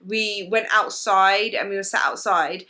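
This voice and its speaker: A young British woman vlogger tells a personal story to camera, casual and emotional, confiding in viewers and using "like" constantly. Her medium-pitched voice is steady and sharp in tone, at a measured pace.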